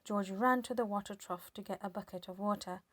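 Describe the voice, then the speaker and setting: A woman reading a children's story aloud with lively, expressive storytelling. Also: medium pitch, fairly quick, dry recording. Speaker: storybook reader.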